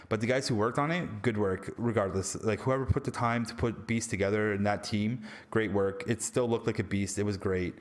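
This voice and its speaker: A man reviewing a movie in a casual vlog, rambling, slangy and jokey. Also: on the low side. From Canada.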